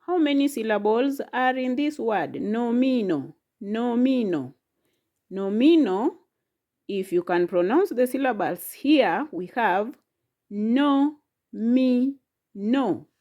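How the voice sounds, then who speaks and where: A woman teaching a language lesson, speaking slowly and patiently, repeating each word and sounding out its syllables one at a time. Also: a little high, animated, warm tone, lo-fi sound. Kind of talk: slow, patient classroom lesson.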